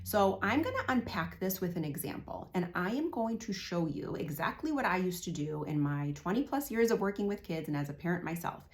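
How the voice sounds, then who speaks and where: A woman in her forties giving parenting advice as a coach, explaining calmly and acting out bits of dialogue between parent and child. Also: fairly low pitch, fairly quick, few pauses. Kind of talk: direct-to-camera parenting advice.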